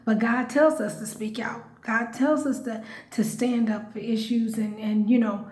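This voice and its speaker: A woman vlogger with a fairly high voice talks to her viewers in a loose, chatty way. She leans hard on repeated phrases and laughs often. The room adds a clear echo. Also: fairly even intonation, a little slow, darkish tone. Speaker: vlogger and comedian. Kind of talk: casual direct-to-camera talk. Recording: echoey room.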